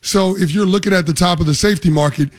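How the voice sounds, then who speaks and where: A man's voice: high-pitched, fast. A man co-hosting a sports talk radio show, explaining football with confidence and casual slang. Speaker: sports analyst co-host.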